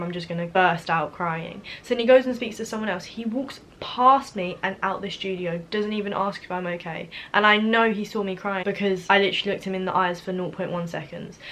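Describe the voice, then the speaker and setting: A woman's voice: mid-range voice, a bit bright, slight background noise. A teenage girl, talking in a rambling, upset way while doing her makeup for a vlog. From London, England. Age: teens. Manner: rambling, upset, filler-heavy. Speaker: beauty vlogger. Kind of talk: casual confessional chat.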